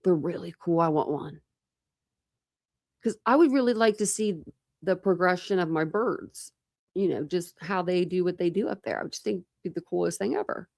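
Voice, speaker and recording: A woman's voice: on the low side, moderate pace, vocal fry, darkish tone, no room sound, studio quality. A woman hosting a true crime livestream, chatting casually with viewers in a rambling way. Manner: rambling and chatty, with many fillers and restarts.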